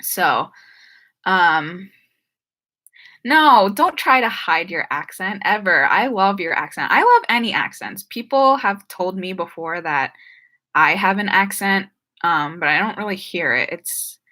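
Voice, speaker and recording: A woman's voice: on the low side, lively intonation, unhurried, bright, forceful tone. A young woman with a New Jersey and Philadelphia accent, chatting casually while she answers viewer questions on a live stream. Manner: chatty, frequent "like" and "um", trips over words. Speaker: YouTuber hosting a live stream Q&A.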